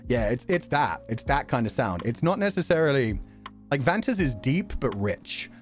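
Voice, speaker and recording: A male streamer chatting with his viewers in an easy, talkative way. His pitch moves around a lot, from low murmurs to bright high bursts. Faint music plays softly behind him. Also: sing-song, moderate pace. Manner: chatty, laughs often, reacts to chat and videos. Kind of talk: casual stream chat.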